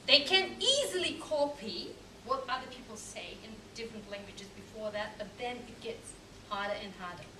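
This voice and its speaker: A woman's voice: a little high, animated, moderate pace. A woman teacher giving a presentation, hesitant with many ums and slightly unidiomatic English. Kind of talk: lecture presentation. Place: room or hall with audience. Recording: echoey room from far off with noise.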